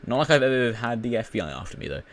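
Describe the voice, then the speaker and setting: A man's voice: mid-range voice, big pitch swings, racing, fairly bright tone. A British man who is a YouTuber, rambling through casual gaming commentary full of fillers and restarts.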